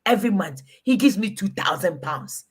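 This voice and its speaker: A woman's voice: medium pitch, lively intonation, moderate pace, husky. A woman from Ghana, chatting casually and emphatically while giving relationship advice and calling out to a listener by name. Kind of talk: casual chat.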